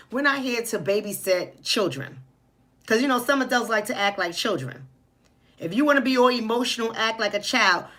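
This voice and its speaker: A woman's voice: a little high, fairly bright tone. A woman with a New York accent hosting a live commentary stream, blunt and outspoken, talking straight to her chat. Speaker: livestream host.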